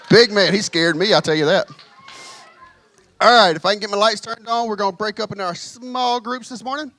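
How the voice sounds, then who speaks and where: A man leading a children's church session in a large indoor room, calling out to the kids loudly and with energy on a handheld microphone. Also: sits high, fairly quick, no echo. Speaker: children's ministry leader.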